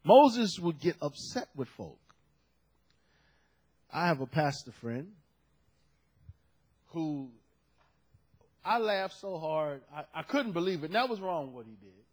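A man preaching a sermon, telling a story and building to loud shouted peaks. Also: a little high, very animated, slow, pauses often, breathy edge. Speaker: pastor.

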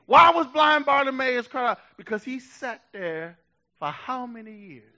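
A man preaching a sermon with passion, dropping to a hush and then rising to shouts, urging his listeners on. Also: very high voice, sing-song, unhurried, dull audio. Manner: impassioned preaching, swinging from hushed to shouting. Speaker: pastor.

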